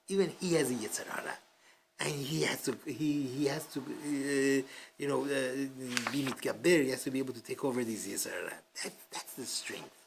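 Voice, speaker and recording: A man's voice: medium pitch, a little hiss or hum. A man teaching a casual Talmud class, telling a story with many fillers and restarts and acting out the quotes. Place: study hall class.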